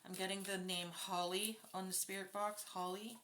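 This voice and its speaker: A woman's voice: mid-range voice, level tone, normal speed, fairly bright tone, slight background noise. A woman giving a casual spoken tarot reading, blunt and openly indignant, swearing freely as she talks through the cards. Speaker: tarot reader.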